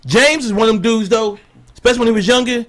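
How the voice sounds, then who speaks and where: A man with a high voice and a quick pace, telling stories in a loose, profane chat. He acts out the people in his stories as he goes, a comedian holding the floor. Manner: animated, profane, acts out quotes in others' voices. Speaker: comedian guest. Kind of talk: casual storytelling chat.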